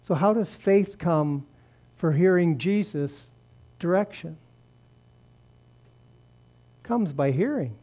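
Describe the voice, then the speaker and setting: A man preaching a sermon in a church service, speaking earnestly and dropping soft when he prays. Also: high-pitched, expressive, slow, pauses often. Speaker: pastor. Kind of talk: sermon and closing prayer.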